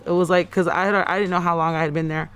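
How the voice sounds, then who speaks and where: A woman in her thirties being interviewed for the news. She recounts her story in a halting, repetitive way, often acting out her own quoted words. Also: lowish voice, steady tone, fairly bright tone, smooth. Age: 30s. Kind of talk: personal account in a news interview.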